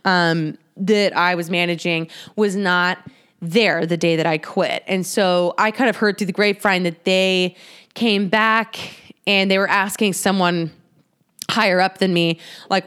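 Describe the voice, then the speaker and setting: A young woman telling personal stories in a candid, casual monologue, swearing freely and leaping high in pitch when she quotes herself. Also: a little slow, fairly bright tone, smooth. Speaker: podcaster sharing personal stories. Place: home in Chicago.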